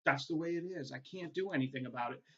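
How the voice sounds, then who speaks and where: Male instructor with a New England accent, somewhat high and bright voice, chatty and informal, dull lo-fi recording. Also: fast talker. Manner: casual and chatty, tags points with "right?", many "uh" fillers. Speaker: college instructor. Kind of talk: recorded course welcome video.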